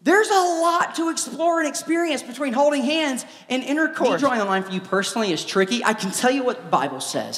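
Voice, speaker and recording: A man, a former youth pastor, giving a live preaching talk in an animated, joking storytelling manner in a large church hall. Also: high-pitched. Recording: echoey hall with long reverb.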